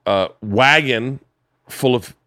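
A middle-aged man hosting a podcast, telling a story with animated, profane energy and acting out the voices of the people in it. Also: medium pitch, slow, dry recording, studio quality. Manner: animated, swearing, acts out voices while telling stories. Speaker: podcast host. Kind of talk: casual chat, storytelling. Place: home podcast studio.

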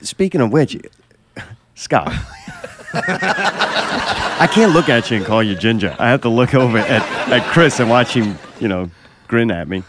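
A man's voice: medium pitch, very animated, unhurried, pauses often, very noisy. A man hosting a casual podcast chat, joking and laughing often. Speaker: podcast host.

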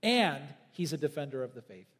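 High-voiced preaching man in a reverberant hall. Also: sing-song, brisk. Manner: emphatic preaching with big swings in pitch and volume. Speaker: pastor. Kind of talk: sermon.

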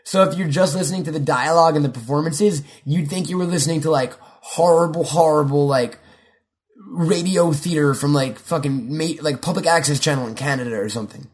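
Rambling, swearing young man, slightly high voice. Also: a little fast. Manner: rambling, swears often, quotes movie lines. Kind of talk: casual chat.

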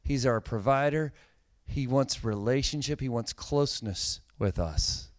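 Unhurried and mid-range, this middle-aged pastor's voice comes through with no room sound. He preaches conversationally, telling stories with rising animation and slipping in a dry joke.

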